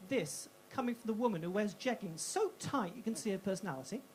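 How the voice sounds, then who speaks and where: A woman's voice: medium pitch, animated, a little fast. A woman doing a stand-up comedy set on a club stage, brash and punchy with self-mocking asides.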